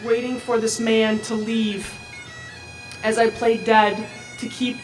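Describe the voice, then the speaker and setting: A woman giving personal testimony in a measured, halting way. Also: fairly high pitch, flat delivery, faint music behind, rough recording.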